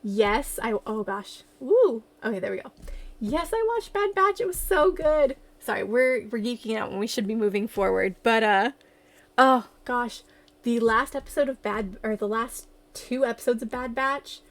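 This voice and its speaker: A woman livestreamer in casual chat, excitable and giggly as she gushes like a fan. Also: on the high side, moderate pace.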